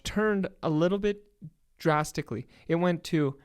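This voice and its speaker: Excited swearing Canadian man, smooth voice. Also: on the high side, takes it slowly. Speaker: podcast guest. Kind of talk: casual storytelling.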